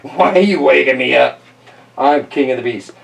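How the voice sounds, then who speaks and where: A man's voice: high voice, very animated, normal speed, gravelly, reverberant, recorded from a distance, exaggerated voice, poor audio. A man voicing a proud, grumpy lion king. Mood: annoyed. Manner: grumpy, boastful. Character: angry proud male lion, king of beasts.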